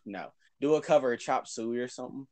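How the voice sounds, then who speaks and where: A man's voice: mid-range voice, fast talker, darkish tone, no room sound. A young man co-hosting a podcast, answering in short, teasing replies in casual chat. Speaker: podcast co-host.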